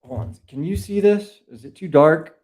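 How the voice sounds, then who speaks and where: A man's voice: a little high, normal speed, a little mellow. A man with a Boston accent, a podcast guest lecturing in a rambling, profane way during a casual video call chat. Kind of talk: casual conspiracy-history chat.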